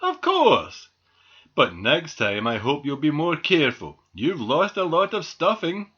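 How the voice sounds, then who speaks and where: A man voicing a calm, kindly male toy doctor in a storybook reading. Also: on the high side, normal speed, husky, dull audio, pitched above the performer's own voice, exaggerated voice.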